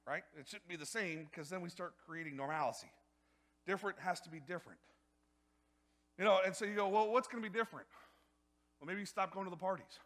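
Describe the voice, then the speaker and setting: A male pastor preaching a sermon in a church, energetic and repetitive, often building to loud emphasis. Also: high voice.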